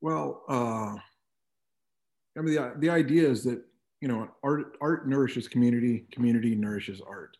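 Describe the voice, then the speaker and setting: A man's voice: mid-range voice, moderate pace, darkish tone. A middle-aged man talking reflectively as an interview guest, with frequent "you know" asides. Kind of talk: conversational interview.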